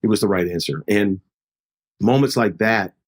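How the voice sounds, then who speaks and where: A man's voice: lowish voice, moderate pace. A middle-aged man, a pastor, telling a personal story in an earnest, conversational way during a podcast interview.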